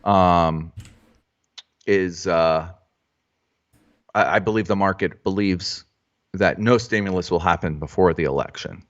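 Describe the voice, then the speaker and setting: A man's voice: sits low, unhurried, long pauses, highs cut off. A man hosting a casual live trading stream, joking and rambling with frequent restarts. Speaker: stock trading livestream host. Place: Florida home trading room.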